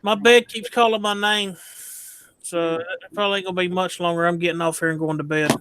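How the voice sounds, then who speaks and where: A woman's voice: on the low side, steady tone, brisk. A woman chatting casually on a late-night livestream, plain-spoken with short, drowsy replies. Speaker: co-host of a livestream. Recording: faint background noise.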